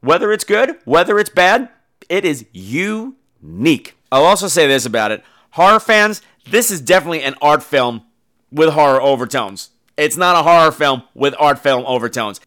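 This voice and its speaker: A man hosting his own podcast, chatting casually in a campy, animated way and slipping into playful put-on voices. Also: on the high side, fairly quick. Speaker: podcast host. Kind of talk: casual solo podcast chat.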